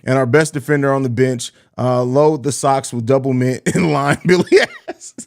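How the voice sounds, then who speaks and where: A man's voice: medium pitch, steady tone, moderate pace, vocal fry, darkish tone. A man hosting a live pregame sports stream, bantering in slang and laughing often. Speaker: podcast host.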